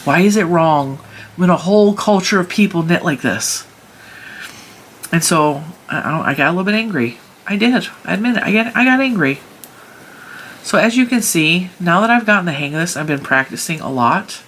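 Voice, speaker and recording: A woman's voice: on the low side, lively intonation, normal speed, fairly bright tone, slight background noise. A woman hosting her own knitting channel, talking casually and emphatically as she demonstrates stitches at home. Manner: chatty and emphatic, talks through her hands' work.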